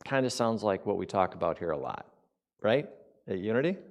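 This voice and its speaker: A man giving a conversational sermon to a spiritual community. He asks the congregation questions and swings from loud emphasis to quiet asides. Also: lowish voice, lively intonation, a little fast, muffled recording.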